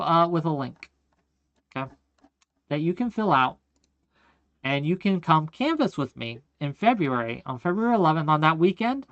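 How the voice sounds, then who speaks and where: A man doing a forceful livestream political rant from home, repeating himself and checking in with his audience. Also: high-pitched, no room sound, lo-fi sound. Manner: forceful, repetitive, keeps asking "okay?" and calling the audience "gang". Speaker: streamer and political commentator.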